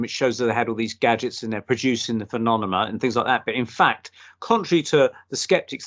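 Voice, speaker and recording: A man's voice: medium pitch, a bit bright. Man, host, casual chat, rambling, hesitant, video call. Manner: rambling, hesitant, many fillers. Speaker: podcast host.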